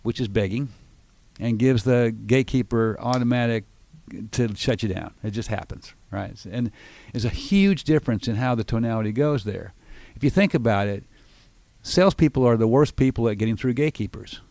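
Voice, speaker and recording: A man's voice: medium pitch, moderate pace, darkish tone, no echo. A middle-aged man, a sales trainer hosting a radio business show, explaining with confidence and acting out phone lines. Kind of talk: radio business talk, coaching. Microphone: studio microphone.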